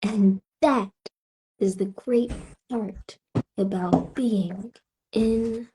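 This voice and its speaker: A spoken word poet from Tampa, Florida, a woman with a Southern accent, delivering her lines in a slow, rhythmic way with weighty pauses. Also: medium pitch, noisy background. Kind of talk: spoken word poetry performance.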